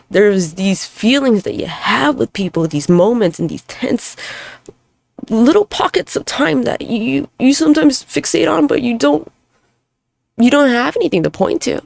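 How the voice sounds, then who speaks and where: A woman's voice: high voice, gravelly, darkish tone, dry recording. A woman hosting a solo podcast monologue, talking in a candid, rambling, profane way with self-deprecating humor. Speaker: podcast host.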